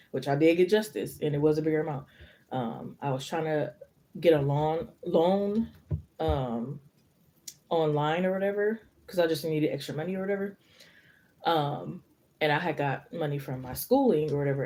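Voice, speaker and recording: A woman's voice: deep voice, warm tone. A young woman hosting a tarot live stream, chatting casually and rambling through stories with lots of fillers.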